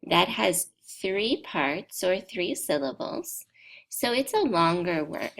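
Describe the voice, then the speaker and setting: Woman teacher, patient step-by-step grammar explainer; slightly low voice with some fry. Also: expressive, fairly bright tone. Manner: slow, deliberate step-by-step explaining. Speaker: English teacher. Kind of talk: grammar lesson for learners.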